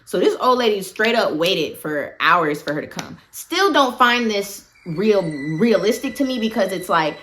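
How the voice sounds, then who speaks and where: A woman's voice: mid-range voice, big pitch swings, unhurried, hardly any pauses, fairly bright tone, slight background noise. A woman casually recapping a horror film for her channel, talkative and full of opinionated asides. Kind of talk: casual movie recap commentary.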